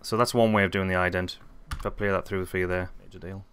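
A man hosting a casual software tutorial, rambling and correcting himself as he thinks aloud. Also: low voice, little pitch movement, fast, clear, resonant tone. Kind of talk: casual screen-recorded tutorial.

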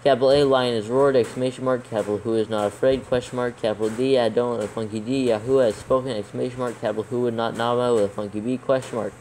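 A man reading scripture aloud for proofreading, slowly calling out each capital letter and punctuation mark. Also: mid-range voice, fairly even intonation, a little mellow, slight background noise, poor audio. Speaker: proofreading reader. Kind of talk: dictating scripture text aloud.

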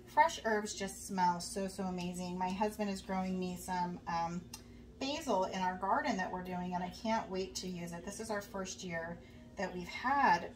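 A young woman chatting casually to her viewers while cooking in her home kitchen, friendly and rambling, with lots of fillers. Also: lowish voice. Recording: faint background noise, a bit distant from the mic.

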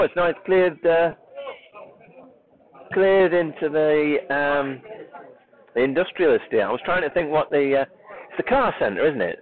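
Joking man on tinny sideline football commentary. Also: medium pitch. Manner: joking, rambling, self-mocking asides between play calls. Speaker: football commentator and camera operator. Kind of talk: amateur live football commentary. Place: outdoor football ground sideline. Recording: tinny phone-like live stream with crowd.

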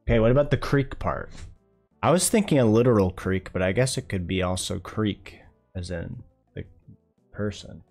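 A man's voice: on the low side, animated, moderate pace, creaky, a little mellow, soft background music. A man streaming live, chatting casually in a laid-back, rambling way with frequent chuckles. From North Carolina.

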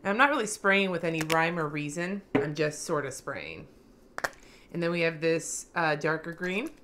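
A woman vlogger giving a casual, slangy craft tutorial, cussing freely, her voice going a little hoarse. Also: low voice, lively intonation, moderate pace, noisy background.

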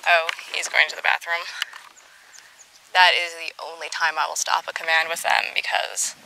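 A woman's voice: low voice, monotone, moderate pace, vocal fry, noisy background. A woman training her camel outdoors, snapping short firm commands and switching to cooing baby talk. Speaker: camel owner training animals. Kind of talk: outdoor animal training vlog. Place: outdoors in a rural yard.

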